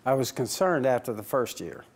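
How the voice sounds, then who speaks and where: His pitch swings widely as he talks at an ordinary pace in a mid-range register. A man with a team-owner air, he spins anecdotes, laughs as he answers, and voices each person in past conversations.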